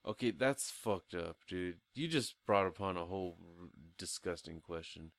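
A man's voice: low voice, lively intonation, moderate pace, vocal fry, dry recording. A young man co-hosting a casual movie review podcast, talking crudely and profanely and laughing often. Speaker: podcast co-host.

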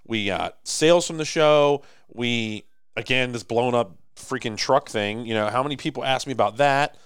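Rambling, animated American podcast host. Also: male voice, mid-range voice, normal speed, clear, resonant tone, no room sound, clean studio sound. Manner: animated, rambling, swings loud and soft. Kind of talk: casual chat.

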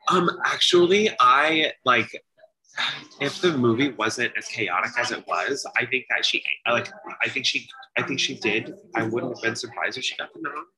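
A man's voice: mid-range voice, moderate pace, pushed and bright, rough recording. A man co-hosting a casual recap podcast over a video call, talking hesitantly with many fillers and restarts. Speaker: podcast co-host.

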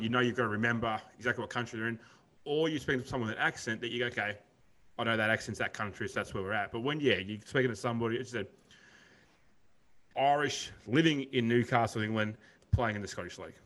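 A man's voice: medium pitch, quick pace, fairly bright tone. A man with an Australian accent co-hosting a podcast, chatting in a rambling, laid-back way and calling his co-host mate. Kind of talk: casual chat.

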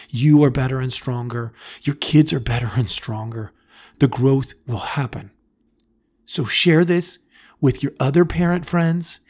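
A middle-aged man with a voice of ordinary pitch hosts a podcast and speaks plainly and earnestly to parents. He talks in a direct, casual way and slips into the voices of parents and kids to show how a talk might go. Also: a little mellow. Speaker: podcast host and family therapist.

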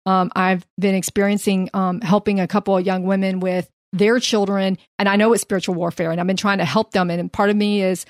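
A woman co-hosting a faith podcast, mixing Bible teaching with earnest, animated storytelling. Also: mid-range voice, fast, few pauses, no room sound, studio quality. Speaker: podcast co-host.

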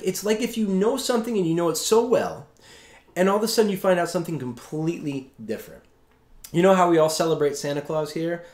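A man's voice: fairly high pitch, darkish tone, reverberant. A man preaching a sermon as pastor in a conversational way, often checking in with his listeners. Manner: conversational, keeps asking "right?".

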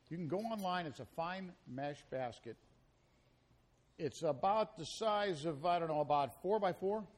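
A man hosting a live radio cooking show, chatting in a jovial, rambling way. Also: a little high. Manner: jovial, rambling, talks with mouth full. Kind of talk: casual live radio chat.

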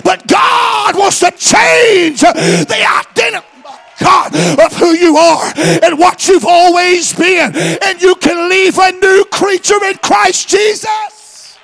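A man preaching a sermon, shifting from hushed, confiding storytelling to impassioned, chanting calls to his congregation. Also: very high-pitched, takes it slowly, vocal fry, faint music behind.

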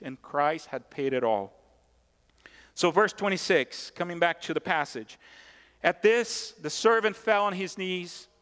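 A man's voice: a little high, a bit bright. A man preaching a sermon as pastor, emphatic and conversational, repeating key points and tossing asides to the congregation. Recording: long hall reverb.

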